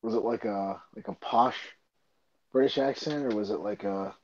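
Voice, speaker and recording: A man's voice: lowish voice, moderate pace, darkish tone, lo-fi sound. A man in casual chat, laid-back and swearing freely.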